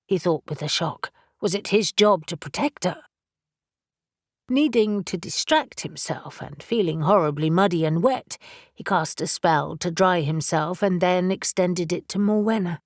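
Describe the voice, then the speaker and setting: A woman reading a fantasy audiobook in measured, even scripted narration. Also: on the low side, no echo, clean studio sound.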